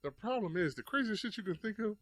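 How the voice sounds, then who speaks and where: A man's voice: sits high, animated, quick pace, no echo. A man in his thirties chatting casually on a podcast, telling loose stories full of swearing and "like" fillers. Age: 30s. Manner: loose, profane storytelling with many "like" fillers. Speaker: podcast host.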